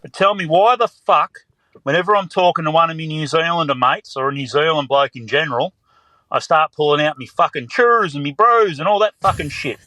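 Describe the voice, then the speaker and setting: A man's voice: a little high, brisk, bright, forceful tone, no echo, rough recording. A man leaving a crude, blokey voice message as a caller to a podcast. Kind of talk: recorded voice message.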